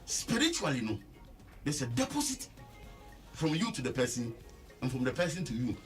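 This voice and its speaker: A Ghanaian man giving relationship counsel on radio, slow and emphatic, repeating points to stress them. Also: medium pitch, wildly swooping pitch, soft background music. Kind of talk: radio advice talk.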